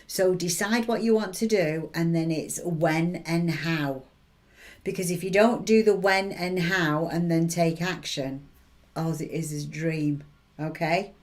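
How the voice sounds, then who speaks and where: Encouraging woman, lowish voice. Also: unhurried, darkish tone. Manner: chatty, encouraging, keeps checking in with tag questions. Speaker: intuitive reader and advice giver. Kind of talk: motivational advice talk to camera.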